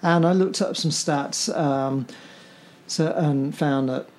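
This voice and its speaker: An interviewer speaking in a measured, affirming way, summing up and asking follow-ups. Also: medium pitch, darkish tone. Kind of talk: conversational interview.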